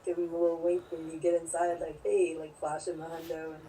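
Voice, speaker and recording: A low-pitched woman in her forties talks loosely with viewers, blunt and rambling, with curses dropped in along the way. Her voice sits back from the mic, and a faint hiss runs under it. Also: monotone, fast, warm tone. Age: 40s. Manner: blunt, rambling, swears freely. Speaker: live streamer. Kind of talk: casual chat reading viewer comments. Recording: distant mic with faint background noise.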